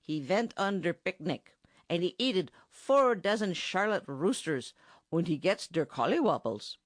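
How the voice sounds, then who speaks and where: A woman's voice: fairly low pitch, expressive, a little slow, no room sound. A woman voicing a stubborn, sarcastic German band musician with a heavy German accent and broken English, recorded dry for an audiobook. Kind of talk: audiobook character voice.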